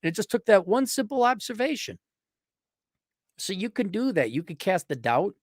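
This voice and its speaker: A man's voice: high voice, very animated, moderate pace, no echo, clean studio sound. A middle-aged man giving a blunt, profane, casual monologue answering listener questions, acting out quoted exchanges.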